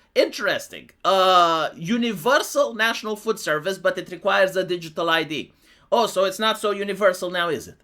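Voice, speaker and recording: A man's voice: high-pitched, sharp tone. A man from Romania, a live streamer who delivers political commentary as a monologue, full of sarcastic rhetorical questions he answers himself.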